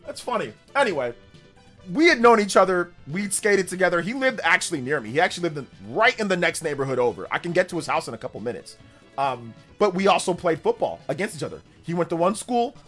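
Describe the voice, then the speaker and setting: Animated male streamer telling stories. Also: high-pitched, quick pace, faint music behind. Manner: animated, with exaggerated voices for quoted people. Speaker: livestream host. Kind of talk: casual storytelling.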